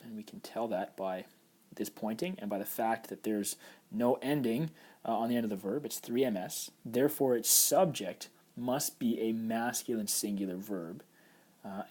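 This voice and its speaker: A man's voice: on the low side, normal speed, a little mellow, husky. A man teaching a recorded Hebrew grammar lecture, explaining patiently over slides with frequent fillers.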